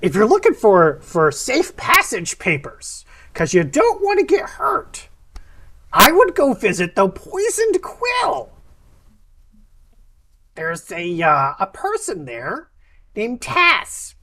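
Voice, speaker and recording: A woman's voice: mid-range voice, huge pitch swings, takes it slowly, a bit bright, voice pushed up, heavily acted. A woman voicing a helpful, chatty map shop clerk in a tabletop game, hesitating with fillers as she gives advice.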